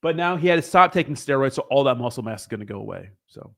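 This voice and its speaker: Fast, animated, and gravelly, this mid-range male voice belongs to a young crypto livestream host. He wanders loosely from subject to subject, cursing freely and trading jokes with his chat in a relaxed, unscripted ramble.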